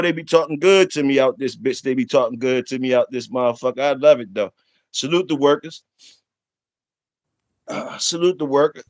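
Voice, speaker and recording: This middle-aged channel host has a slightly high voice, recorded cleanly in a studio with no echo. He runs a casual livestream, teasing his viewers with profane banter and plenty of laughter.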